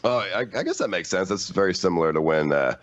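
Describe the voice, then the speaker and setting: A man talks fast, with a lively, swinging pitch, tossing out playful questions in a casual comedic podcast chat. The audio is dull and lo-fi. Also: no room sound.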